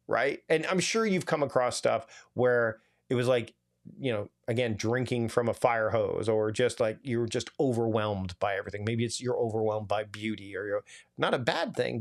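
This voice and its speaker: A man of medium pitch leads a live online workshop as a productivity coach. He talks in a casual, animated way, piling on asides and restarting his sentences. It sounds like a video call.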